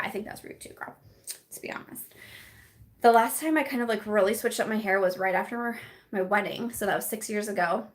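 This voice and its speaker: Woman, late 20s to 30s, beauty vlogger, casual live-stream chat, rambling, lots of fillers and restarts, mid-pitched voice. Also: fairly bright tone. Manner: chatty and rambling, with many fillers and repeated restarts.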